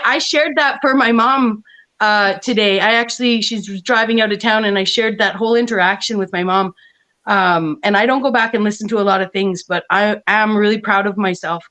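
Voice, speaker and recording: A woman with a fairly high voice chats casually as a guest on an online panel. She rambles, restarts her sentences often and breaks into laughs along the way. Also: fairly bright tone.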